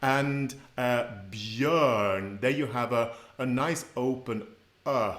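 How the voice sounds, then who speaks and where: Male language teacher, slow and patient, repeats each sound, roomy echo. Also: mid-range voice, a bit bright. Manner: models sounds slowly and repeats them. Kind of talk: pronunciation lesson.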